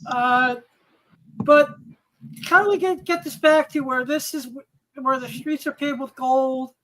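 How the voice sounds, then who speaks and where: A man's voice: extremely high pitch, a little slow, fairly bright tone, low-quality recording. A man in casual podcast chat, rambling and self-deprecating.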